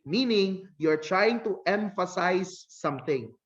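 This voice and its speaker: A male English teacher lectures in a high voice, blunt and direct. He often stops to correct himself and voices his students' questions. The recording sounds dull and lo-fi. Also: expressive, takes it slowly. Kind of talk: online lesson lecture.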